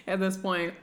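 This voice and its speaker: A woman's voice: medium pitch, a bit bright. A young woman co-hosting a casual podcast about a book, chatty, laughing often and swearing freely. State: eating while talking. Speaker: podcast co-host.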